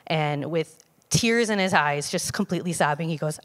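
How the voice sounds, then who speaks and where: A woman telling a personal testimony to a church congregation in a conversational, halting way, with frequent fillers and restarts. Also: low-pitched. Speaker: church member giving a testimony. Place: church sanctuary. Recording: long hall reverb.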